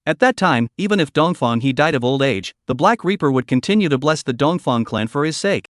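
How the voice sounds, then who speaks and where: A man narrating a fantasy comic story recap in a steady, even reading. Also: a little high, fairly quick, no echo, studio quality.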